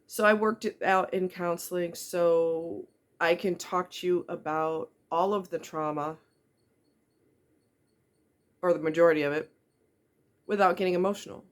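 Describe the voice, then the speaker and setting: Middle-aged vlogger, earnest and blunt, talks straight to the viewer with pointed questions. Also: mid-range voice. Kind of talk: candid personal monologue.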